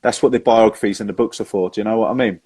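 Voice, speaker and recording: A man's voice: fairly low pitch, steady tone, rapid-fire, warm tone, husky, no echo. A man hosting a casual chat, matey and informal in his manner. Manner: matey, informal, says mate a lot. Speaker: host.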